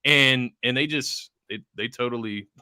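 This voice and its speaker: A man's voice: medium pitch, a little slow, sharp tone, clear, resonant tone, no echo, studio quality. A young man co-hosting a casual sports talk show, laid-back and agreeable, often laughing. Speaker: podcast co-host.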